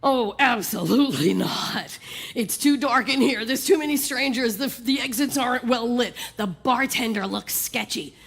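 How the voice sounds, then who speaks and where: A woman's voice: on the high side, moderate pace, creaky, slightly rough. A woman voicing jittery, fretful Fear. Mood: fussy. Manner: nervous, stammering, complaining. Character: anxious fretful Fear, worrying about everything.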